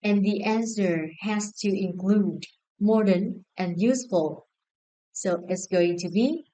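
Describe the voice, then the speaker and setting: Slow, mellow-voiced woman teaching English. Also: mid-range voice, poor audio. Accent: Vietnamese. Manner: clear, encouraging instructions to a class. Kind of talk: recorded classroom lesson.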